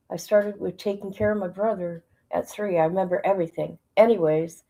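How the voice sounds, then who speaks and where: A woman's voice: lowish voice, fairly even intonation, fairly quick, gravelly, hardly any pauses, mellow, rough recording. A woman hosting a casual livestream from home on her phone, rambling and emotional as she talks to her chat. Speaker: livestream host.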